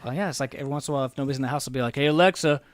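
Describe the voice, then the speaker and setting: A man from Oklahoma chatting on a podcast, telling stories in an animated way, laughing often and jumping up in pitch when he quotes people. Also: rapid-fire, dry recording. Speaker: guest host. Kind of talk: casual podcast chat.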